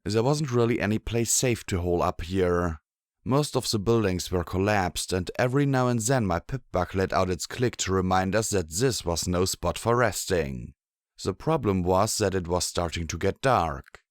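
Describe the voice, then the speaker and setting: A man narrating a first-person audiobook in an expressive storytelling manner. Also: sits low, normal speed, no room sound, studio quality.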